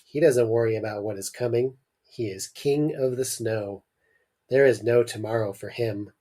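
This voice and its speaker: A man with a mid-range voice hosts a podcast at a moderate pace, reading a short story aloud with expressive delivery and throwing in jokey asides.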